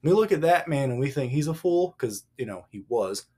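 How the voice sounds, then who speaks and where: A man co-hosting a casual Bible discussion podcast, emphatic and animated, acting out the dialogue as he talks. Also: medium pitch, a little fast, slightly rough. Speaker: podcast co-host.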